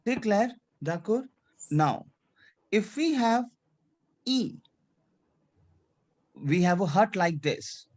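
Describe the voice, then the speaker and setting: Speaking slowly with long pauses, this male French teacher has a high-pitched, expressive voice. His class instruction relies on repetitive drilling and student repetition, punctuated by French checks like "c'est clair" within his English.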